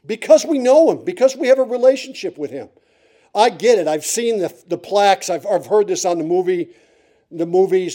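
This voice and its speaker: Mellow-voiced preacher from Pennsylvania. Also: male voice, high-pitched. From Pennsylvania, USA. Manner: storytelling, building suspense with repeated teasing lines. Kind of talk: sermon with a humorous personal story.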